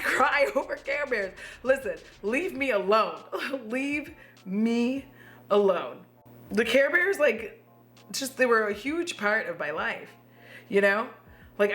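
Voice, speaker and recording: A tipsy woman hosting a casual makeup review vlog from home, gushing, excitable and swearing freely. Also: medium pitch. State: tipsy from drinking. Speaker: beauty vlogger.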